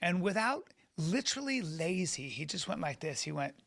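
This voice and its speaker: A man with a high, bright voice tells a long rambling anecdote, stopping and restarting as he acts out what people said. He talks casually as a podcast co-host. The sound is dry and close. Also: very animated, moderate pace, creaky, dry recording. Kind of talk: casual political chat and storytelling.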